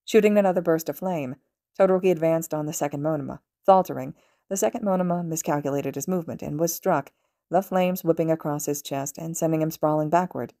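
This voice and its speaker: Low-voiced woman reading fan fiction. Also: fast talker, dry recording, clean studio sound. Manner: steady, even-paced storytelling. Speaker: podfic reader. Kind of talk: fan fiction audiobook narration.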